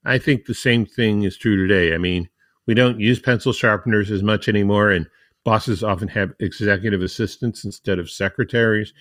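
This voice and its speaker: A man hosts a podcast in a fairly low voice, working through his points one by one and reading passages aloud. His delivery is conversational and the sound is dry and close. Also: steady tone, normal speed, a bit bright, dry recording. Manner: explains points in a numbered list, reads quotes aloud. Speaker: podcast host. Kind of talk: conversational podcast talk on marketing.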